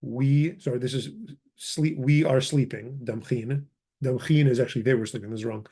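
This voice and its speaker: A man's voice: mid-range voice, fairly even intonation, moderate pace, mellow, husky. A man giving an informal grammar lesson, reading from a textbook, thinking aloud and correcting himself as he goes. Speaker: language teacher.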